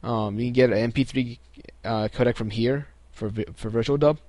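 A young male host, mid-range in voice and speaking at normal speed, narrates a casual, step-by-step computer tutorial over a screen recording. There's no echo, and his delivery is relaxed, with plenty of ums and restarts.

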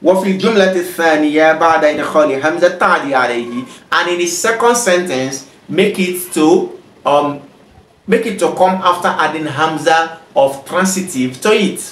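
A man's voice: a little high, a bit bright. Arabic tutor man in an echoey room. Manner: reads Arabic lines fast, then slowly translates them. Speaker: Arabic teacher. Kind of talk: explaining an Arabic grammar exercise in English.

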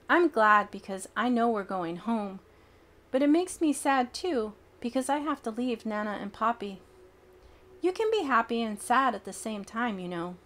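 A woman reading a children's picture book aloud in an expressive, childlike storytelling manner. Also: a little high.

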